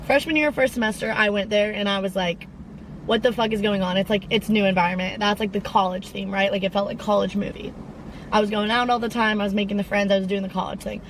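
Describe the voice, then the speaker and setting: A young woman of around twenty talks in a loose, chatty way, drifting off on tangents and sprinkling in fillers. Her voice sits at an ordinary middle pitch. A faint hum of traffic runs behind her. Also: fairly even intonation, quick pace, low-quality recording. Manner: rambling and chatty, full of tangents and "like". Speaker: podcast host. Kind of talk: casual chat.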